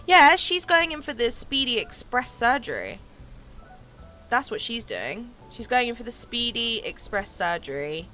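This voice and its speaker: A chatty woman hosts a relaxed game livestream, her voice in an ordinary middle register. She rambles and giggles, leaning on lots of "um" and "like," with soft game music playing faintly behind her. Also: medium pitch. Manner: chatty, giggly, many fillers like "um" and "like". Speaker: game streamer. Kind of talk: casual livestream chat while gaming.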